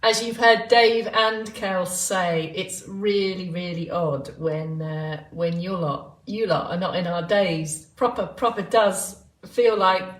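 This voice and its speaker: A woman's voice: mid-range voice, slow. A woman instructor leading a live online movement class in a chatty, rambling, jokey way, greeting viewers by name. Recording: roomy sound from a distant mic.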